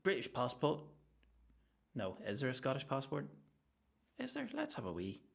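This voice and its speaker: A young adult man with a Northern Irish accent, hosting a solo comedy podcast with an animated, sweary rant that jumps from topic to topic. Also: medium pitch, moderate pace, gravelly. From Northern Ireland. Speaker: podcast host.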